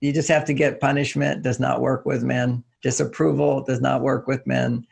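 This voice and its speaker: An older man, interviewed casually in his role as a relationship author, talks at a normal speed in a mid-range voice with little pitch movement. The tone is creaky and slightly rough. He leans on everyday examples and acts out brief quotes in a raised voice.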